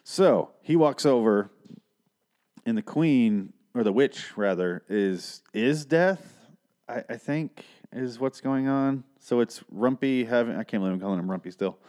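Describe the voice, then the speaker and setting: A man's voice: mid-range voice, expressive, unhurried, mellow. A man in his thirties casually recapping a film, sarcastic and exasperated, swearing freely. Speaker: film reviewer.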